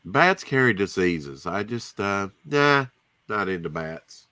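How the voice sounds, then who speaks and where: A man's voice: fairly low pitch, animated, slow pace, pushed and bright, dry recording. A man co-hosting a casual livestream chat, reading chat and cracking dry jokes. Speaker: co-host.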